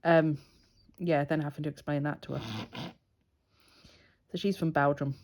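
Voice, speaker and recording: A woman's voice: deep voice, level tone, normal speed, a little mellow. A woman from the UK chatting and laughing with a client while doing her nails. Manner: chatty, giggly, puts on silly voices in stories. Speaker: nail artist. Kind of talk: casual chat while working.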